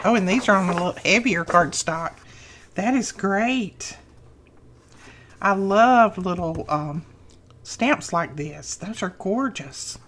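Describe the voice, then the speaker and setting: A middle-aged woman hosting a crafting channel, gushing over happy mail she unboxes in a slow, lingering way. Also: medium pitch. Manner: gushing, effusive.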